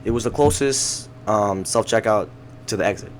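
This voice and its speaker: Slangy young man, low voice. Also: moderate pace, a little hiss or hum. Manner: laid-back storytelling, heavy slang and swearing. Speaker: podcast co-host. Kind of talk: casual chat.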